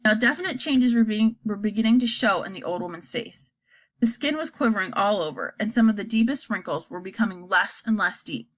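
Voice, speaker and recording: Expressive woman reading a storybook. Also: medium pitch, fairly quick. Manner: expressive, animated. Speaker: audiobook narrator.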